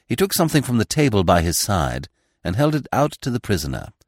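A man's voice: lowish voice, very animated, brisk, no echo, clean studio sound. A man giving a dramatic scripted reading of a classic mystery novel. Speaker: audiobook narrator. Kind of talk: scripted narration.

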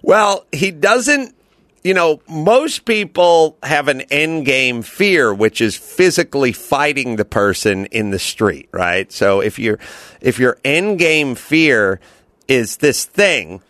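A man hosting a podcast, chatting loosely and wandering through long stories. He slips into the voices of people he quotes. The studio mic sounds dry and close, and his pitch sits in a middle range. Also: lively intonation, takes it slowly, a bit bright, dry recording. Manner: rambling storyteller, acts out quoted voices. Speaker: podcast host. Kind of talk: casual chat.

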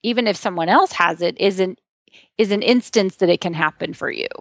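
A middle-aged woman author talking as a podcast guest, animated and laughing often as she acts out quotes. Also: medium pitch, fairly quick, dry recording, clean studio sound. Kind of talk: casual podcast interview. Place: lives in Texas.

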